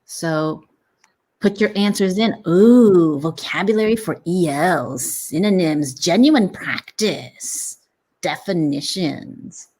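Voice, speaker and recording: Brief: lively woman educator, co-host, chatty classroom anecdotes. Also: fairly low pitch, takes it slowly. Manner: lively, animated storytelling with quoted kids. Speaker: teacher and co-host. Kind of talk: casual chat.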